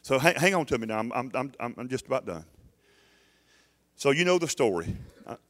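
A man's voice: mid-range voice, very animated, moderate pace. A middle-aged man preaches to his church in an emphatic, urging way. He stumbles and restarts often as he presses his point. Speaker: pastor. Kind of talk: sermon.

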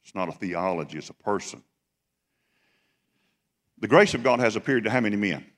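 A man's voice: fairly low pitch, expressive, moderate pace. A man preaching a Sunday sermon. He talks with emphasis, repeats phrases and asks the congregation questions. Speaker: pastor. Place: large church sanctuary. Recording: long echo of a church hall.

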